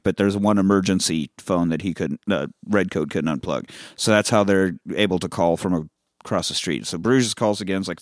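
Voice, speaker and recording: A man hosting a podcast, retelling a movie plot in casual, animated chat and swearing freely. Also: lowish voice, no echo, studio quality. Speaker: podcast host. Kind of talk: casual film-recap chat.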